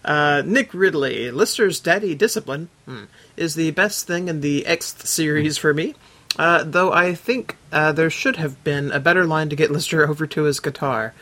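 A man hosts a casual podcast and reads listener reviews aloud, adding his own comments along the way. His voice sits fairly high for a man. He stumbles and fills the gaps with um and uh. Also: moderate pace, a bit bright. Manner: hesitant, lots of ums and uhs, adds his own comments while reading. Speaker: podcast host.

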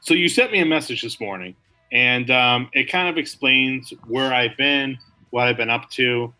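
A man's voice: medium pitch, moderate pace, sharp tone, faint music behind, low-quality recording. A man co-hosting a comedy podcast, rambling through mock-serious apologies. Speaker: podcast co-host. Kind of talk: casual comedic chat.

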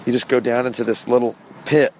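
A man's voice: mid-range voice, flat delivery, fast, darkish tone, a little hiss or hum. A man hosting a podcast, telling a rambling casual anecdote in a meandering way, full of fillers and restarts. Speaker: podcast host. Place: outdoors, walking around shops.

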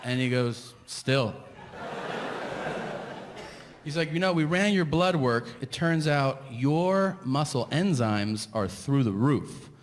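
Audience laughter rises around a middle-aged comedian as he rants through a stand-up story on a big theater stage, voicing both parties in the exchange. Medium in pitch, he speaks unhurriedly with lively intonation and few pauses, against a noisy background and live venue reverb with the crowd.

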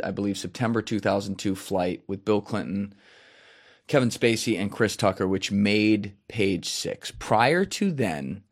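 A man hosting a podcast, talking casually and swearing freely, acting out quoted voices as he tells a story. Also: fairly low pitch. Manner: animated, profane storytelling with mimicked voices. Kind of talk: casual chat.

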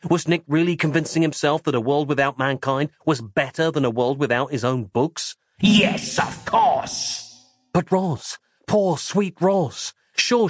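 A man narrating a horror audiobook in a dramatic, measured reading. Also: medium pitch.

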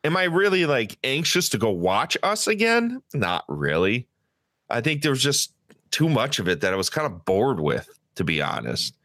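A man co-hosting a podcast, telling a story in casual, profane chat and acting out the people in it with loud, high-pitched quotes. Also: very animated, moderate pace, no echo, clean studio sound. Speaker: podcast co-host.

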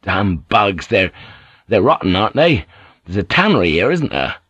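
A man's voice: low-pitched, very animated, moderate pace, fairly bright tone, husky, no echo, lo-fi sound, full character voice. A man voicing a guarded ship's pilot who speaks hesitantly. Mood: uneasy. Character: uneasy English ship's pilot, male, adult.

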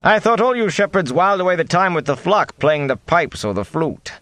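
A man's voice: on the high side, lively intonation, brisk, a bit bright, no echo, pitched above the performer's own voice. A man voicing a wry, sardonic old traveling minstrel who speaks in a dry, mocking drawl.

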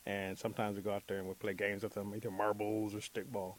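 A man telling a traditional story as a guest, in a relaxed, animated way. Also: on the low side, fast talker.

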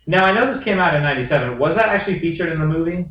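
A man's voice: a little high, expressive, racing, muffled recording. A man co-hosting a casual chat podcast, teasing and joking, swearing freely. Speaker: podcast co-host. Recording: roomy sound from a distant mic.

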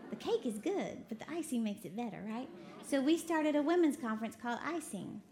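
A woman from Texas preaching a lively sermon, laughing often and quoting voices as she talks. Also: high voice, fairly quick. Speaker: preacher co-hosting a broadcast. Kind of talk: sermon to a women's audience.

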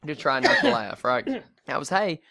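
A man co-hosting a casual podcast chat, telling a lively story and swearing freely. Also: medium pitch, moderate pace, no echo. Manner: animated storyteller, acts out voices, swears freely. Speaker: podcast co-host.

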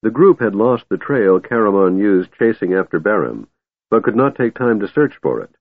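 Husky man narrating an audiobook. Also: fairly low pitch, normal speed, no echo. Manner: expressive storyteller. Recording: tinny phone-like dry recording.

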